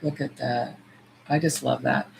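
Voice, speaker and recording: A woman's voice: rumbling low, steady tone, unhurried, vocal fry, slight background noise, poor audio. A woman from the US, chatting casually and animatedly on a nail-swatching livestream, cursing freely and saying y'all. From United States.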